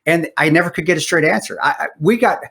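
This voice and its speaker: A man co-hosting a podcast, a veteran, telling a story from his service in a relaxed, reflective way. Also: fairly high pitch, fast talker, creaky. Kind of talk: casual podcast chat.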